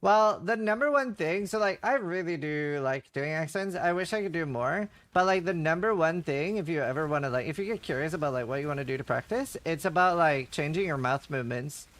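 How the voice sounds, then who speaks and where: Man, slightly high voice, rambling casual streamer chatter. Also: lively intonation, fairly quick, few pauses, fairly bright tone. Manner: chatty, rambling, heavy use of "like". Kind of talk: casual livestream chat while gaming.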